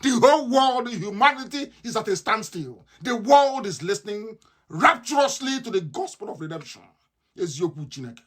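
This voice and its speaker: A man's voice: sits high, lively intonation, moderate pace, fairly bright tone. A man holds forth on a live radio broadcast. He speaks with passion and open mockery, circling back to the same phrases again and again to drive his points home. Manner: impassioned, repetitive, mocking.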